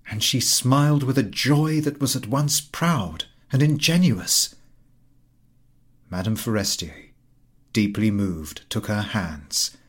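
A man narrating a classic short story, with measured delivery and dramatic pauses. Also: fairly low pitch, lively intonation, breathy edge.

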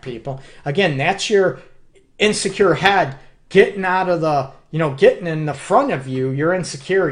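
A man hosting a live relationship advice show as a counselor. He talks emphatically and keeps checking in with his listeners. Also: on the high side. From Detroit area. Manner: emphatic, keeps checking in with "okay?" and "you know what".

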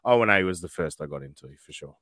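A man from Australia with an Australian accent, a podcast guest in a casual chat, telling stories quickly and animatedly from his back shed. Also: low voice, expressive, a bit bright, dry recording, studio quality.

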